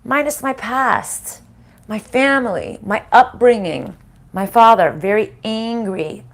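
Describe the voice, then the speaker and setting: A middle-aged woman giving a casual spiritual reading, frank and animated, swearing freely and laughing often. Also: a little high, slow pace. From Italian-American family. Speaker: spiritual reader and channel host.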